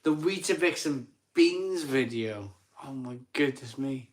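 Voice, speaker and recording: A man's voice: medium pitch, animated, a little slow. Tipsy chatty man hosting a live stream. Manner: chatty, laughing, self-mocking, rambling with restarts. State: tipsy after a few beers. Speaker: livestream host reading viewer comments. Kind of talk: casual live chat.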